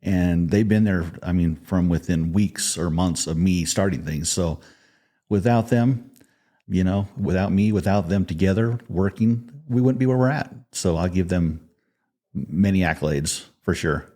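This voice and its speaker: A middle-aged man speaks in an interview with a deep, mellow voice. He talks in a relaxed, plainspoken way and plays down his own success. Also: unhurried. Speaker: podcast guest, business founder. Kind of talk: conversational interview.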